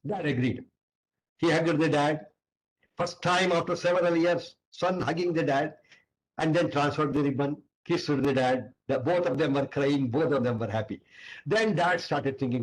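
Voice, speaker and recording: A man with an Indian English accent delivers a storytelling lecture in a fairly high voice. He tells an anecdote and acts out each character's lines along the way. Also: normal speed, poor audio. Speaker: seminar speaker.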